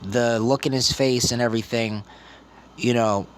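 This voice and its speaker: Man around thirty, vlogger, rambling casual storytelling, mid-pitched voice. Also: steady tone, normal speed, clean tone. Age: 30s. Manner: rambling, repetitive retelling.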